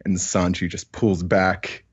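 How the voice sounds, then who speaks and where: Deep deadpan podcast man. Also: slow pace, slightly rough, highs cut off. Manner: dry deadpan quips. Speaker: podcast co-host. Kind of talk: casual chat.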